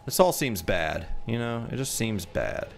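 A man commentating a horror game, jumpy and excitable, swearing and yelping when scared. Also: fairly low pitch, unhurried, gravelly, slight background noise. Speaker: gaming channel host.

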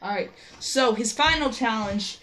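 A woman's voice: fairly high pitch, unhurried, fairly bright tone. A woman hosting a casual video, chatty and giggly as she hands out challenges and scores them. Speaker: host. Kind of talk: casual chat. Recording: roomy, distant mic, background noise.

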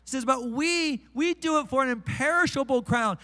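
A man preaching a sermon to a live congregation, energetic and joking, slowing way down to read scripture. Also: very high voice, in a large hall. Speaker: pastor. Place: church sanctuary with congregation.

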